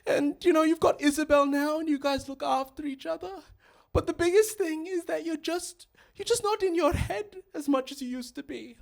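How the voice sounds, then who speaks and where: A man doing a gushing, high-voiced doting mum. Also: moderate pace, creaky. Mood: tender. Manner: high, sing-song cooing. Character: doting middle-aged mother, gushing and emotional.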